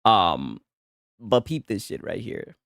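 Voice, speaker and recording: Animated, profane man ranting on stream. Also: fairly low pitch, takes it slowly, creaky, no echo, studio quality. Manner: profane and animated, constantly adds "right?". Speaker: gaming commentary streamer. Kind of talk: casual ranting live stream.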